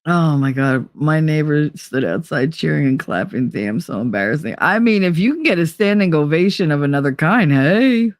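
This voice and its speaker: A woman's voice: low voice, animated, normal speed, hardly any pauses, dry recording. Blunt, crude woman streamer, dry sound. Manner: reads chat aloud and tells stories; laughs often. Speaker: live-stream host. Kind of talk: casual live-stream chat.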